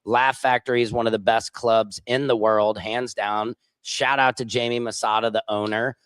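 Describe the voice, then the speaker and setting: A man's voice: mid-range voice, fairly even intonation, normal speed, fairly bright tone, clear, resonant tone, no room sound. Male livestream host, casual rambling chat, dry close sound. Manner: rambling, chatty, reads viewer comments aloud.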